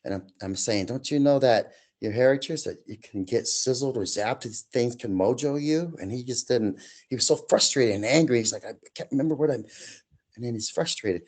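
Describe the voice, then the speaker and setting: Male guest storyteller, mid pitch, lively delivery that acts out the other people in his stories. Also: moderate pace, hardly any pauses. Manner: animated, acts out quoted voices. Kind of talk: telling personal paranormal stories.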